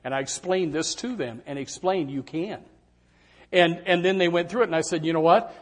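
A man's voice: fairly high pitch, moderate pace. An older man preaching a sermon, often acting out doubters' replies in a raised voice. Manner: animated, acts out congregants' doubts in raised voices.

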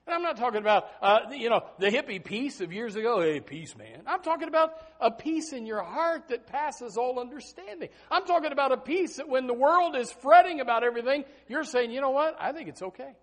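A man preaching a sermon as pastor, animated and folksy, breaking into snatches of hymns. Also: very high-pitched, fairly quick, hardly any pauses.

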